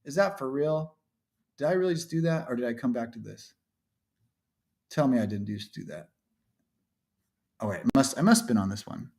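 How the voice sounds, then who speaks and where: A man hosting a livestream, commenting on shared images and swinging between low muttering and angry yelling, with a lot of swearing. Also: moderate pace, vocal fry, pauses often. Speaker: livestream co-host.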